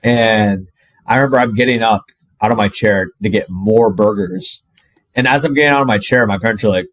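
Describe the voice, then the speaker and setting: A man's voice: fairly low pitch, fairly quick, dry recording. A man in his twenties telling a personal story to camera, casual and profane, with constant fillers like "like". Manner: profane, animated, heavy use of "like". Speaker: fitness coach.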